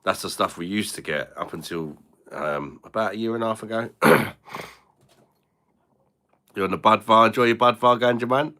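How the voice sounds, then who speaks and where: Host, low and bright-toned, blunt, swears freely, banters with chat. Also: male voice, moderate pace, long pauses. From Britain. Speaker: beer reviewer hosting a live stream. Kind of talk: casual live-stream chat.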